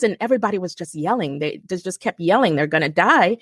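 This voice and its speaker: A woman in her forties, a guest telling a personal story in a halting way with restarts and self-corrections. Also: lowish voice, fairly bright tone, no room sound, clean studio sound. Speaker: guest survivor.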